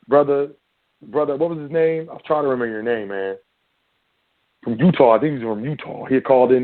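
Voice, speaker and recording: A man hosting an internet radio show, talking casually and preachily straight to his listeners. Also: mid-range voice. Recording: tinny phone-line sound with faint music.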